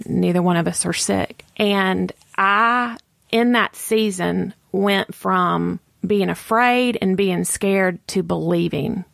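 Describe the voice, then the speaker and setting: An earnest middle-aged woman tells a faith story in a chatty, direct way. Her voice carries a strong, gravelly fry. The sound is dry and close. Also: fairly low pitch, no room sound. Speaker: speaker giving a faith testimony. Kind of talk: devotional testimony talk.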